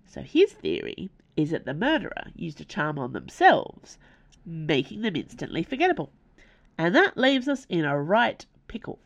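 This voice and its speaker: A gruff, bashful policeman from a storybook, as a woman reader puts him on. He speaks in plain, homely phrases with a lively rise and fall, and a gravelly grain sits under the low voice. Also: moderate pace, no echo, dull audio, exaggerated voice. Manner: gruff and colloquial. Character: gruff, sheepish, bashful working-class police sergeant, man. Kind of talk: audiobook character voice.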